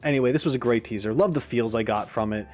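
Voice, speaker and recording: A man hosting a game reaction video, talking in an animated, musing way with frequent asides. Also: medium pitch, fast. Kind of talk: casual commentary.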